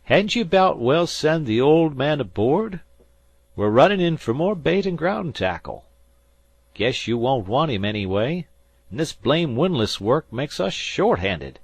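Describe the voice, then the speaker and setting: A man voicing a folksy fisherman who drawls loudly across the water. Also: on the high side, big pitch swings, a little slow, vocal fry, slightly rough, no room sound, voice pushed up, heavily acted. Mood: drawling. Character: loud drawling male fisherman hailing another boat.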